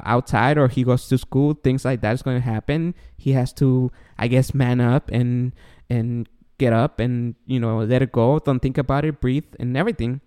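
A man of medium pitch with a darkish, clear, resonant tone co-hosts a podcast. Chatting casually, he tells a story and acts out his own reactions along the way.

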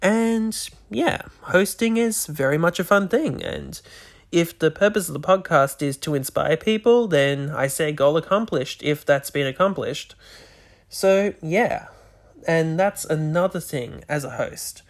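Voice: medium pitch, animated, a little slow. A podcast host talking alone into a microphone, rambling with many restarts and words that sometimes slur. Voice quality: slightly slurred words. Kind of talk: solo podcast monologue.

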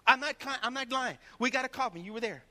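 Very high, forceful preaching man. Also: fast talker, in a large hall. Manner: animated storytelling, acting out voices. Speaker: pastor. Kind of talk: sermon.

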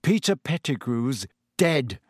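A man doing a flat insistent teenage boy. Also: mid-range voice, slow, dry recording, studio quality.

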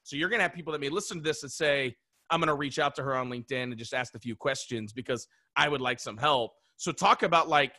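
A man's voice: mid-range voice, fast, bright, forceful tone, no echo, clean studio sound. A man hosting a podcast interview, thoughtful and emphatic, often restarting his sentences. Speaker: podcast host. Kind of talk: reflective interview conversation.

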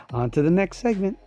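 A man's voice: a little high, warm tone. A man hosting his own podcast, telling a story in a rambling, casual way with frequent laughs and swearing. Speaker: podcast host.

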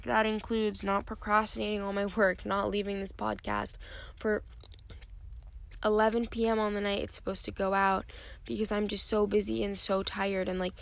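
A young woman hosts her own podcast alone, chatting candidly and rambling with lots of fillers while sounding tired and yawning. Her voice is medium in pitch and gravelly.

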